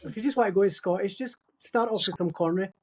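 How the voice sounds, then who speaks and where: A man co-hosting a podcast, cutting in with quick jokes. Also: high-pitched. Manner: fast quips and interjections. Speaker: podcast co-host. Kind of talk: casual chat.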